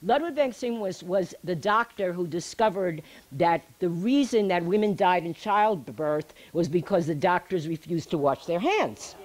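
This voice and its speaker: A middle-aged woman speaking to a live audience, telling a personal story in a chatty, animated way and laughing at herself. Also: lowish voice, normal speed. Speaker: speaker giving a healing talk.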